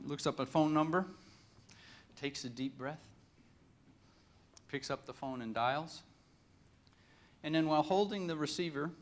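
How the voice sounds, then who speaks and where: A man giving a lively storytelling talk at a conference, folksy and joking. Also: fairly high pitch. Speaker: conference speaker.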